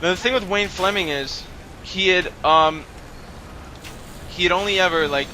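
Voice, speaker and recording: A man chatting casually as co-commentator on a video game playthrough, rambling through stories and quick to exclaim. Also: high-pitched, sharp tone, slight background noise, poor audio. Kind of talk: casual gameplay banter.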